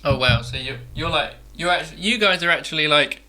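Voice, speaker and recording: A young man co-hosting a casual chat podcast, animated and dramatic in his reactions. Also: a little high, brisk. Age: young adult. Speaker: podcast co-host.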